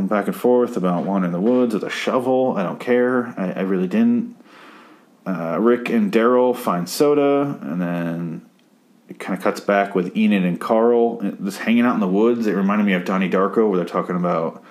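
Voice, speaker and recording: A young man rambling through a sarcastic, profane recap of a TV episode. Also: on the low side. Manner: rambling, sarcastic, swears a lot.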